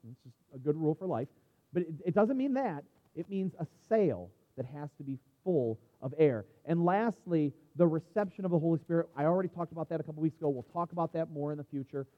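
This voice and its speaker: A man with a high voice preaches to his congregation in a chatty, off-the-cuff way, often restarting his sentences and breaking into asides. The sound is a little dull and muffled, with a long reverb trailing off the walls of a church sanctuary. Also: expressive, fast. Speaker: pastor. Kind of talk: sermon.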